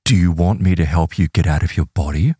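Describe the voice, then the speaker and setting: A man voicing a sinister, insect-like shadow being with a deep baritone voice and a slow, coaxing way of talking. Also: dark tone, breathy edge, no room sound, studio quality.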